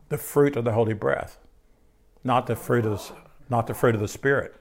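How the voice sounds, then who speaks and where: Conversational male preacher, mid-pitched. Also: moderate pace. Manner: conversational, asks the congregation questions and repeats key phrases. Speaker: pastor. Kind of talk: sermon.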